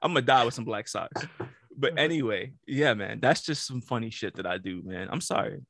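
A man's voice: medium pitch, expressive, moderate pace, vocal fry, fairly bright tone, no echo. Podcast dude, swears a lot, keeps cracking up at his own stories, dry close mic. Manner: laughing storyteller, loose and profane. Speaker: podcast co-host. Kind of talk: casual chat.

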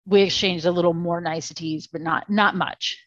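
A woman co-hosting a podcast in casual chat, tired and gravelly voiced, rambling with lots of fillers and restarts. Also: fairly low pitch, fairly even intonation, moderate pace, fairly bright tone, no room sound, lo-fi sound. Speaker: podcast co-host.

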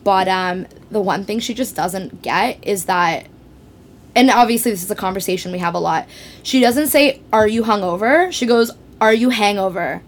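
A woman's voice: mid-range voice, expressive, normal speed. A young woman from Canada, a podcast guest chatting casually and joking, laughing often.

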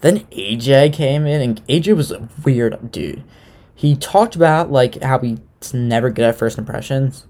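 A man's voice: medium pitch, measured pace, darkish tone. A young man in a casual, sarcastic chat, recapping a dating show as a podcast host, loose and swearing now and then.

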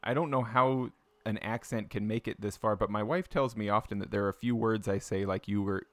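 A man from Utah hosts a relaxed interview, asking curious follow-up questions. His voice sits low, and the sound is dry. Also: fairly quick, no echo. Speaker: podcast host. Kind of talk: casual interview chat.

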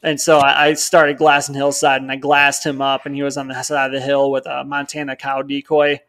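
A man's voice: mid-range voice, fairly quick. A young man from Wisconsin, co-hosting a podcast, rambling through a hunting story and acting out what others said. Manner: rambling storyteller, animated, quotes others in dialogue. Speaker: podcast co-host.

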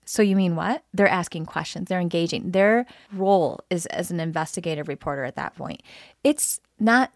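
A woman's voice: on the low side, lively intonation, moderate pace, no echo, clean studio sound. A woman co-hosting a podcast, talking frankly and emphatically with her partner, often repeating phrases for stress. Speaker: podcast co-host. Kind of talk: candid couple conversation.

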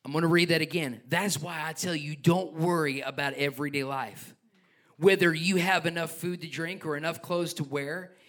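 A male pastor preaches a passionate sermon, moving between scripture reading and joking asides. His voice sits high for a man. It has a bright, forceful edge. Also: steady tone, normal speed.

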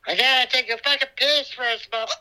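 A drunk man with hiccups, trading loud, profane comedic banter over a phone from a hospital room. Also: extremely high pitch, fairly even intonation, brisk, low-quality recording. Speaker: comedy show regular.

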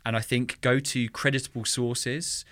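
A male podcast co-host, medium in pitch and normal in speed, chats casually but passionately about teaching music. With animated energy, he mimics drum rhythms using his voice. The sound is dry and clean, studio-quality.

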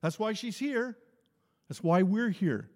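A male pastor delivers a relaxed, story-driven sermon at a slow, unhurried pace. His voice sits somewhat high for a man, and he repeats and restarts his phrases as he goes. Long reverb from the hall trails his words. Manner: conversational, repeats and restarts phrases, chuckles often.

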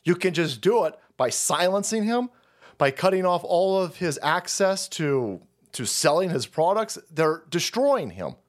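A man's voice: high-pitched, sing-song, unhurried. A man hosting a political commentary stream, ranting in a rambling, sarcastic and foul-mouthed way. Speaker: host.

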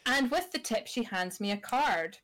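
A woman's voice: a little high, lively intonation, moderate pace, a bit bright. A Scottish woman in her thirties, co-hosting a podcast and telling a sweary, wry story in casual chat. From Scotland. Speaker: podcast co-host.

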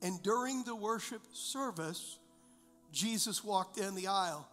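A man's voice: sits high, animated, unhurried, a bit bright, big-room sound, soft background music. A male pastor preaching a sermon, emphatic and repetitive, full of rhetorical questions. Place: church.

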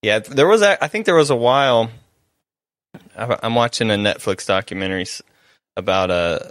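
A man's voice: on the low side, animated, moderate pace, fairly bright tone, no echo. A man co-hosting a casual podcast, prodding with curious questions. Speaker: podcast co-host. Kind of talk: casual chat.

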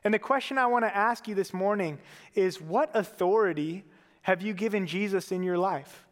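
A man with a high-pitched voice preaches a sermon in a church, earnest and conversational and dropping in casual fillers. His voice carries a long hall reverb behind it. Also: normal speed. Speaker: pastor.

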